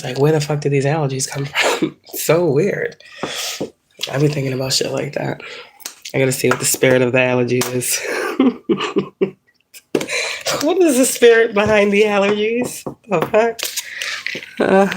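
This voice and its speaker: A woman's voice: low-pitched, lively intonation, measured pace, pauses often, background noise. A woman in her thirties chatting casually on a livestream, rambling and profane, laughing often, congested from allergies. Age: 30s. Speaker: spiritual livestreamer. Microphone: phone.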